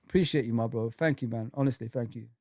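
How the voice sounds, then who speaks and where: A fast-talking man with a mid-range, darkish voice hosts a football fan livestream, ranting heatedly with heavy swearing and repetition before chatting with viewers. The sound is studio quality with no echo.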